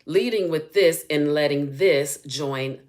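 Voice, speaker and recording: Chatty low-voiced woman healing coach. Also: takes it slowly. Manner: chatty and animated, laughs often. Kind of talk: live-stream chat.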